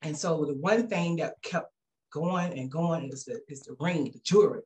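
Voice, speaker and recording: Speaking at a normal speed, this guest shares a personal church testimony as conversational storytelling. Her delivery is lively and casual, with frequent restarts and quoted voices performed with sharp pitch jumps.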